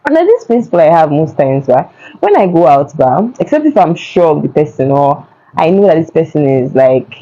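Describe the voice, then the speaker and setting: A woman's voice: deep voice, normal speed. Chatty young Nigerian woman, muffled phone audio. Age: young adult. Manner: chatty, animated storytelling with laughs. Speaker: vlogger. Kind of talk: casual storytime.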